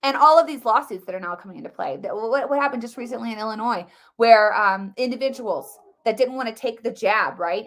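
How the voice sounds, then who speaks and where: Fast, emphatic woman on a live stream. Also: on the high side. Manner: rapid, repetitive, emphatic, with many "like" fillers. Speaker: political commentary host. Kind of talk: live-streamed political commentary.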